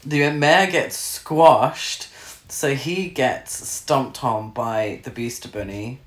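A man's voice: mid-range voice, slow pace, a bit bright. A man, casually chatting about a film as a podcast co-host, laughing often and swearing freely. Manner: sweary, laughs a lot, mimics characters. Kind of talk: casual chat. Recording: echoey room.

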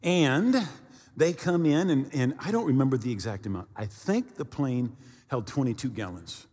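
Male pastor, husky voice with lively pitch swings, animated sermon storyteller, long hall reverb. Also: normal speed. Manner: animated storyteller, acts out sounds and dialogue.

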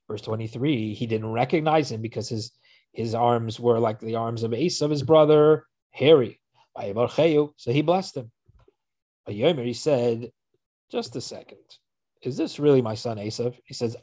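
A man teaching a fast-paced scripture class, retelling the verses and acting out the dialogue. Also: medium pitch, a little mellow. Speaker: Torah teacher.

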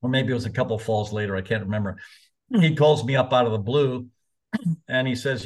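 A man's voice: mid-range voice, a little fast. A man in his seventies, a college soccer coach, telling stories in a casual, candid way with the odd mild curse. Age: 70s. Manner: chatty, candid, mildly profane. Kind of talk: casual anecdotal storytelling.

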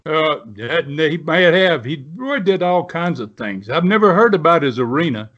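This American man in his 70s, a guest who was once a pro wrestler, tells long, rambling stories in a relaxed, folksy manner, full of fillers and restarts. His voice is a little high, expressive, and fairly bright at a moderate pace, heard through dull lo-fi sound.

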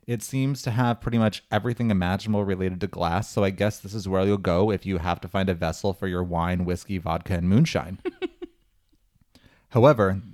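A podcast co-host with a lowish, slightly mellow voice tells a story in a chatty way, tossing in joking asides during casual chat and storytelling.

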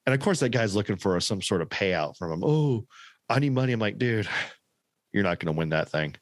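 A man's voice: deep voice, animated, fairly quick, dry recording. A man co-hosting a podcast in casual chat, telling stories with laughs and mimicking voices. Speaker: podcast co-host.

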